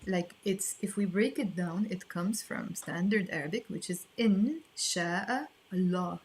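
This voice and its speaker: A woman teaching an online lesson, explaining patiently and repeating phrases slowly. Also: fairly low pitch, a little mellow, breathy edge. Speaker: language teacher.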